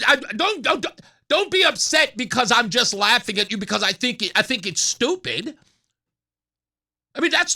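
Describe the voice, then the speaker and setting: High-voiced mocking talk radio man. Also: bright, forceful tone. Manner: mocking, puts on whiny voices to ridicule opponents. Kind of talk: opinionated talk radio monologue.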